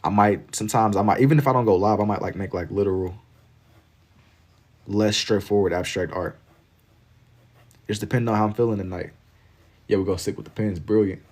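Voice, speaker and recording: A man with a Southern accent and a somewhat low voice, talking loosely while he draws. He rambles in an easygoing way and fills his sentences with "like" as he reads and answers chat. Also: brisk, long pauses, a little mellow. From Kentucky. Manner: laid-back, rambling, heavy on filler "like". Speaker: live-stream artist. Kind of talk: casual live-stream chat while drawing.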